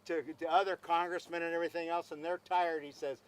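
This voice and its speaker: A man's voice: fairly high pitch, flat delivery, fast talker, smooth, poor audio. A man telling a long anecdote at an outdoor gathering, acting out both sides of a conversation and repeating himself as he goes. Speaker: speaker at a celebration. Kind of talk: storytelling speech.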